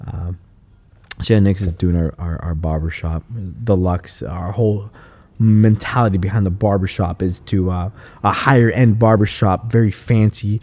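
He's a man who runs a shop and builds cars, and on this laid-back podcast he swears a lot while telling animated stories. The voice is low-pitched and the speed normal.

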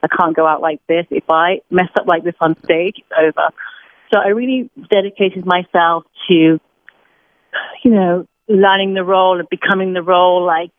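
British woman guest, thirties, animated storyteller, slightly low voice, tinny phone line, dry sound. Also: moderate pace, dry recording. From Britain. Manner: chatty, animated storytelling with laughs. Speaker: podcast guest. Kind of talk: casual interview chat.

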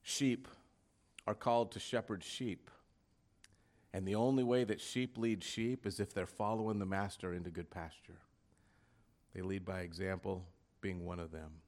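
A man's voice: low voice, steady tone, normal speed. Emphatic preaching man. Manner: emphatic preaching with rhetorical questions, drops to a hush at times. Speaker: pastor. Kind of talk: sermon.

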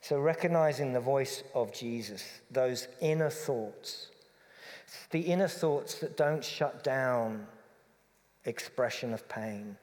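A man preaching a reflective, conversational sermon that softens to a gentle hush. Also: mid-range voice, slow, big-room sound.

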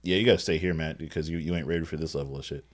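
A man co-hosting a casual movie recap, narrating the plot in a dry, halting way with hesitant restarts. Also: rumbling low, steady tone. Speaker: podcast co-host.

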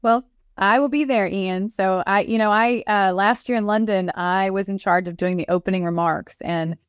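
A woman's voice: mid-range voice, normal speed, smooth, dry recording, studio quality. A woman hosting a podcast, closing an interview in a friendly, upbeat way. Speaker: podcast host, executive director.

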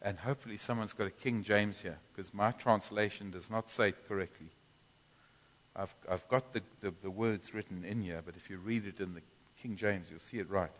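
A man preaching a sermon in a church, teaching from scripture with animated bursts of loud groaning. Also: on the low side, normal speed. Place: church hall. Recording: long church reverb.

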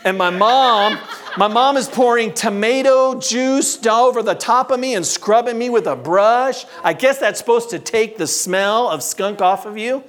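A man telling a personal story in a sermon to a live audience. He is humorous and animated, and he varies his delivery a lot. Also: extremely high pitch, measured pace, a little hiss or hum. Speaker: preacher.

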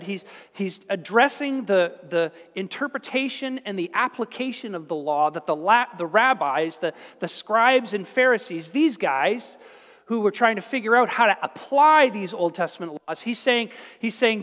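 A male pastor giving a conversational, animated sermon in a church, with many restarts and asides. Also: high-pitched, a little slow. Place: church sanctuary. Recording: reverberant church hall.

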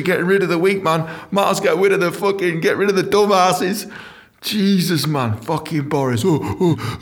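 A man hosting a podcast, delivering a profane, mocking comedic rant. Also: sits high. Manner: profane, ranting; animated, mocking. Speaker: podcast host. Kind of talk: comedic monologue.

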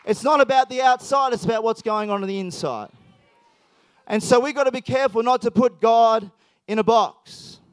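Lively Australian preacher, high smooth voice. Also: male voice, moderate pace, dry recording. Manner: animated, emphatic, with many restarts. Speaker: pastor. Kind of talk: sermon with personal storytelling.

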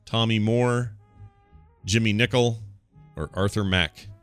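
Low-ish bright guy reading trivia qs on a chill podcast, dry close sound. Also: fairly even intonation, slow pace, dry recording, faint music behind. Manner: reads questions aloud and chats with live chat. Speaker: co-host reading quiz questions. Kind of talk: casual podcast chat.

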